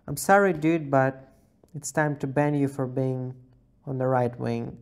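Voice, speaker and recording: Man in casual voice notes, unhurried cowboy drawl, tongue-in-cheek banter. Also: medium pitch, steady tone. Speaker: group chat member. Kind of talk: casual voice messages.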